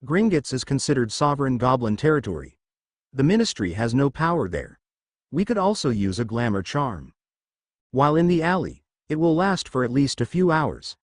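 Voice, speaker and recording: A man's voice: medium pitch, very animated, normal speed, dry recording, studio quality. A man voicing Narcissa, a prim, caring, refined witch, in a storybook reading. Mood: reassuring.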